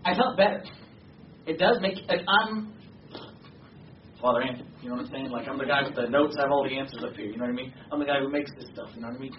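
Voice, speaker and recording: A man's voice: mid-range voice, fast talker. A man preaching a sermon, talking casually at first and then urging his listeners with rising passion. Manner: conversational, emphatic, rising to passionate exhortation. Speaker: pastor. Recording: distant, echoey, dull sound with faint noise.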